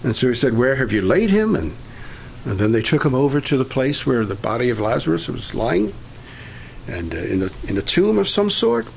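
An older man preaching a sermon, pausing often and restarting his sentences. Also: mid-range voice, sing-song, creaky, a little mellow, slight background noise. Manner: halting, many filler pauses and restarts.

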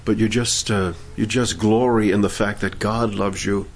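A man leading worship and preaching a sermon, fervent in praise and gentle when he teaches. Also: on the low side, steady tone, normal speed, a little hiss or hum. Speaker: pastor.

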